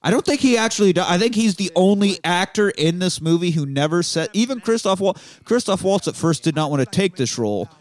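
A man's voice: high-pitched, brisk, few pauses. Profane man recapping a movie. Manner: profane, animated retelling of scenes. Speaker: podcast host. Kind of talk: casual film recap chat.

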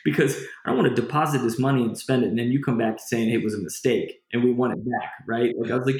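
Recorded in an echoey space, a guest with a mid-range voice talks quickly through a personal story in a casual interview. He's lively about it, though he wanders and restarts his sentences as he goes.

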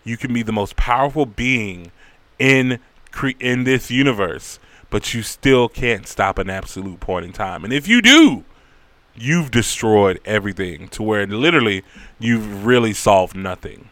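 Rambling, profane guy with a bright voice. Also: fairly low pitch, lively intonation, a little slow, dry recording. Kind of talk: casual story recap.

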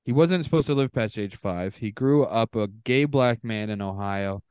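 A man's voice: fairly low pitch, moderate pace, a little mellow, smooth, no echo. A man from Canada co-hosting a casual podcast, reading contestant bios aloud with offhand asides. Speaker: podcast co-host.

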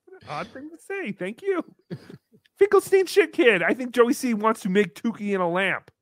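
Man, 30s, stream host, swinging pitch, joking, swears casually. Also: big pitch swings, normal speed, dry recording, studio quality. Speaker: livestream host. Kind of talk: casual chat reading donations.

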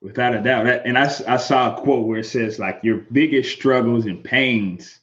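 A man's voice: medium pitch, normal speed, a bit bright, highs cut off. A man hosting a casual interview, prompting his guest with encouraging questions. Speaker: interview host.

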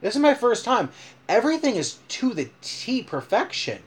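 A man telling a rambling, animated story in casual chat, full of "like". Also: very high-pitched, moderate pace.

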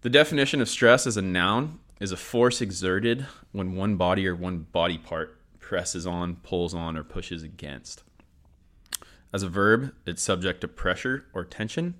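A man's voice: deep voice, unhurried, fairly bright tone. A man hosting a sport and performance psychology session, upbeat and repeating his key points. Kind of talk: scripted educational talk.

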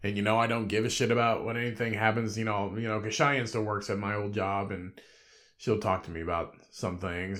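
A man's voice: lowish voice, fairly even intonation, fairly quick, fairly bright tone. A man in his thirties hosting a solo podcast, laid-back and rambling, swearing constantly and laughing often. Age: 30s. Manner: talks in a rambling, conversational way. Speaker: podcast host.

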